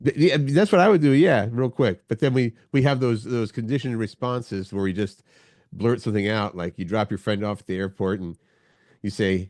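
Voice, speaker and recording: A man's voice: fairly low pitch, fairly quick, darkish tone, no echo, studio quality. A middle-aged man co-hosting a morning show, chatting casually and chuckling through the banter. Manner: easygoing, chuckling, banter-driven. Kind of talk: casual chat.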